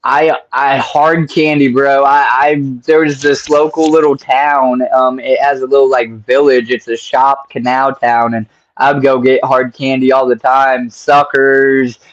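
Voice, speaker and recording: A man's voice: medium pitch, level tone, unhurried, few pauses, dull audio. A man hosting a casual interview, rambling and swearing, calling his guest "bro". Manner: rambling, profane, keeps saying "bro". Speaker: podcast host.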